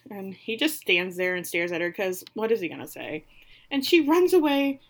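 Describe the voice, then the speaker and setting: A woman's voice: medium pitch, normal speed. A woman in casual conversation, animatedly retelling a show's plot and acting out the characters' lines. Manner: animated, acts out the characters' lines in dramatic voices. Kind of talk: casual recap chat.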